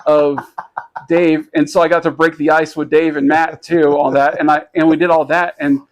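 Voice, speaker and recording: Pitched fairly high, this podcast co-host spins a story in relaxed conversation, stopping and starting with plenty of fillers. He gets animated when repeating what others said.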